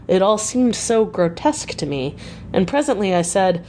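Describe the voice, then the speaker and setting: A woman reading a diary novel aloud in a measured, unhurried way. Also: mid-range voice, sing-song, darkish tone, a little hiss or hum. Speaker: audiobook reader.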